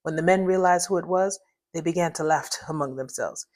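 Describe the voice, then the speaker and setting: A woman reads her own short story aloud at home in her living room, her voice on the low side. She narrates steadily and breaks off now and then to chat and laugh at her own stumbles. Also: brisk, darkish tone. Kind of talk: reading aloud with casual asides.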